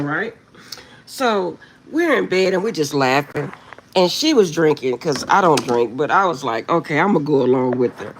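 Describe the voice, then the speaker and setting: A woman's voice: deep voice, slight background noise. A middle-aged woman card reader chatting casually with viewers, laughing often as she tells a story, recorded at home on a phone. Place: at home, indoors.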